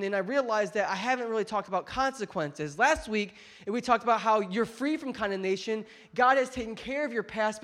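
A male pastor preaching a sermon in a church, telling a family story in an animated, joking way and speaking straight to the congregation. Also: extremely high pitch. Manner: animated, jokey storyteller who addresses the congregation directly. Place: church auditorium.

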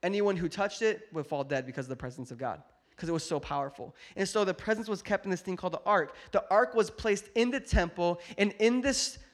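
A man preaching a sermon as pastor, animated and joking, swinging between loud bursts and hushed asides. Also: sits high, brisk. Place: church hall with congregation.

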